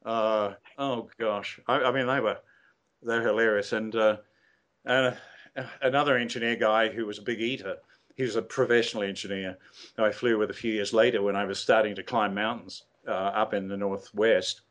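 A man's voice: fairly low pitch, steady tone, moderate pace, fairly bright tone. An older man, a guest telling anecdotes in a rambling, hesitant way with many fillers and restarts. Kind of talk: casual storytelling interview.

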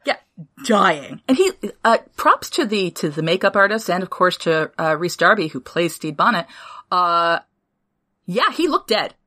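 A woman talks through a TV episode with her co-host, her pitch swinging widely as she goes. She speaks casually, throws in swear words and jumps between quick asides. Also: sing-song, bright, forceful tone. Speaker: podcast co-host. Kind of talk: casual chat recapping a TV show.

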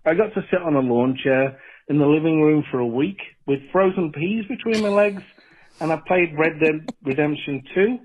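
A man in his forties with an English accent, calling in to tell a story in a dry, deadpan way. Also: a little high, moderate pace, a little hiss or hum. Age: 40s. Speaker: caller. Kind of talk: phoned-in voicemail story. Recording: tinny phone line.

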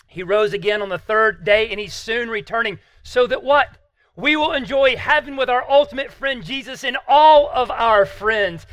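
A man's voice: extremely high pitch, normal speed, a bit bright, clean tone, no room sound. A man preaching a sermon as pastor, earnest and emphatic, asking the listeners rhetorical questions.

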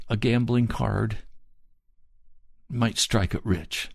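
A man preaching a sermon, earnest and pleading, speaking slowly and deliberately. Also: on the low side, dry recording, studio quality.

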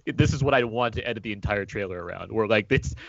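A man's voice: fairly low pitch, fast talker, gravelly, no room sound, lo-fi sound. A man co-hosting a casual movie podcast, rambling and laughing often as he riffs. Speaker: podcast co-host.

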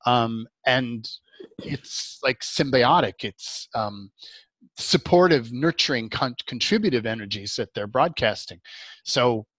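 A man's voice: mid-range voice, expressive, slow, fairly bright tone, no room sound. A man in a casual conversation, sharing reflective, rambling thoughts.

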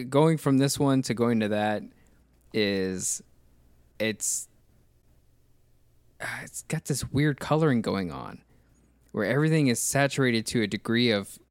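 A man's voice: mid-range voice, clean tone, no room sound. A man casually discussing movies on a podcast, rambling and full of questions and restarts.

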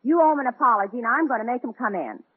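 A woman's voice: a little high, expressive, very fast, husky. A woman on a 1940s radio comedy, speaking in a dry, sarcastic way. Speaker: comedy show regular. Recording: tinny 1940s radio broadcast.

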